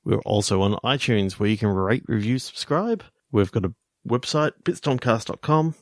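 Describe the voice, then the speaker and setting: A man co-hosting a podcast in casual chat, halting and searching for his words. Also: fairly low pitch, expressive, no echo, clean studio sound. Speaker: podcast co-host.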